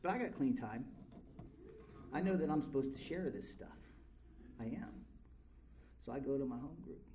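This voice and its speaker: A man's voice: medium pitch, expressive, normal speed, warm tone, a little hiss or hum, rough recording. Blunt, profane man telling his story. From California. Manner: blunt and profane, frank about himself. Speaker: recovery meeting speaker. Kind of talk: candid storytelling to a live audience. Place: convention meeting room.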